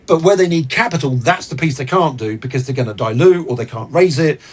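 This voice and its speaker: A man guesting on an interview, explaining business ideas in an earnest, animated way. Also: on the high side, brisk, slightly rough. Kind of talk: casual interview talk.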